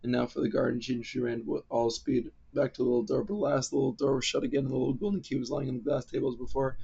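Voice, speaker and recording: A man's voice: flat delivery, vocal fry, dark tone, husky. A man hurrying through a storybook read-aloud, with slips and restarts. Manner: hurried reading with slips and restarts. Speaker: reader. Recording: low-quality dull recording.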